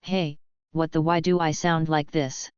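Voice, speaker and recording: Loud young male gunman, as a woman reads him, dry close sound, slow. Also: low voice, level tone, smooth, no echo, lo-fi sound. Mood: bewildered. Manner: shouting, bewildered.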